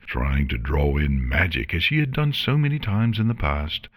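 A man narrating a fan story in an expressive storybook reading style. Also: sits low, creaky, slightly rough, no room sound, studio quality.

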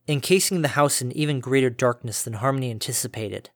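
A man's voice: mid-range voice, a little fast, few pauses, no room sound, clean studio sound. Man reading a story aloud. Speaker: reader. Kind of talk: fan fiction reading.

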